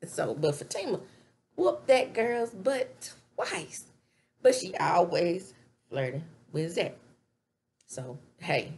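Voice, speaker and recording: A woman recapping a TV show in casual, animated chat from a home webcam setup. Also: on the low side, slow pace, long pauses. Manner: chatty, animated, laughs while retelling scenes. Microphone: webcam setup with ring light.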